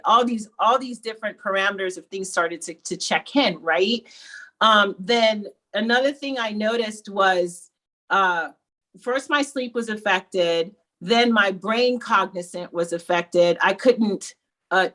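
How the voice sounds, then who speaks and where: A woman guest telling her own story in a candid, animated, conversational way. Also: medium pitch. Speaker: program client and guest.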